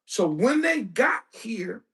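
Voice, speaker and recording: A man preaching in a lecture-style sermon, with a high voice and an unhurried delivery. He drives his points hard, poses questions to his listeners, and now and then rises to a shout. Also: big pitch swings. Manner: emphatic, with rhetorical questions and bursts of shouting. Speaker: preacher and teacher.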